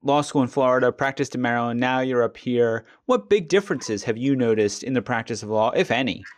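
A man's voice: mid-range voice, fairly quick. A man hosting a podcast who asks friendly, joking questions in a casual interview. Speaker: podcast host.

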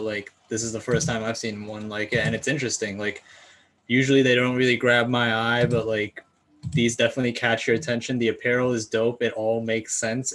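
A man's voice: medium pitch, a bit bright. A man co-hosting a casual sneaker podcast, talking in a laid-back, slangy way with plenty of swearing. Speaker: podcast co-host.

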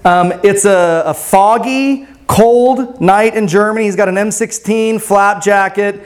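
A man's voice: high-pitched, a little slow. A pastor telling a story to his congregation in a casual sermon, often checking in with "right?".

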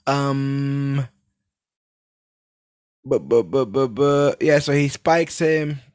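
A man's voice: medium pitch, drawn-out words, a little mellow, smooth, no room sound, clean studio sound. A man casually recapping a TV episode on a podcast, acting out the characters' lines and laughing as he goes. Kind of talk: casual chat.

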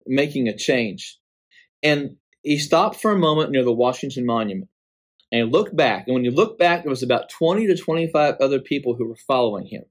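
A man recounting a prophetic dream in a halting, dramatic way, repeating words and slowing for emphasis. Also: medium pitch. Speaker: dream narrator.

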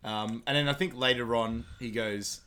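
A man's voice: medium pitch, fairly even intonation, normal speed, pushed and bright. A man in casual podcast chat, laughing often as he retells and acts out lines from a film. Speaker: podcast co-host.

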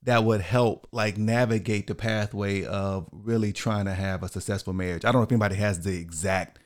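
A man's voice: on the low side, fairly even intonation, brisk. A man co-hosting a relationship podcast, talking loosely and thinking aloud with plenty of fillers and restarts. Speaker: podcast co-host. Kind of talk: casual conversation on marriage.

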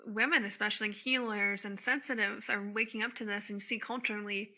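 A woman of ordinary pitch with a bright, forceful tone. She hosts a casual conversation, sharing her own experiences openly and giggling easily. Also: steady tone, brisk. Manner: open, warm sharing, giggly.

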